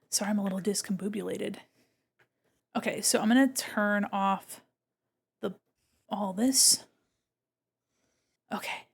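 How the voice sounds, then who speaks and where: A woman's voice: mid-range voice, creaky. A woman streamer chatting casually while she draws. She is bubbly, greets her chat and exclaims often.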